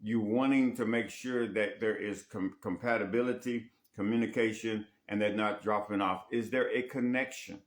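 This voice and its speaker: A man's voice: lowish voice, steady tone, moderate pace, hardly any pauses. A man coaching on dating in a casual teaching monologue, often repeating himself and tagging rhetorical questions with "right?".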